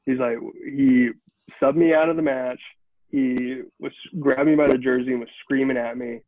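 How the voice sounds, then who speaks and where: A man's voice: mid-range voice, fairly even intonation, moderate pace, dry recording. A man, a former volleyball player, telling stories about himself in a laid-back, self-mocking casual chat. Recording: dry, slightly dull sound.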